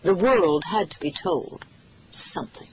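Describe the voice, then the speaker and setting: A narrator reading a thriller audiobook in a steady, dramatic storytelling manner. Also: female voice, fairly low pitch, a little slow, a little hiss or hum. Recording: tinny phone-like audio.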